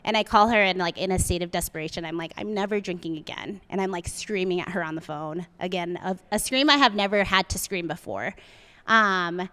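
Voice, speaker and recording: A woman's voice: lowish voice, a little fast, sharp tone, clean tone. A young adult woman, a guest on a podcast, telling a candid personal story and acting out the quotes with many fillers. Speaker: podcast guest, coffee shop founder.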